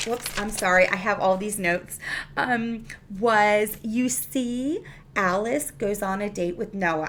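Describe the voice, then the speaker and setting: A woman's voice: medium pitch, fairly bright tone. A woman reviewing a TV episode in a casual, chatty recap, full of fillers and restarts.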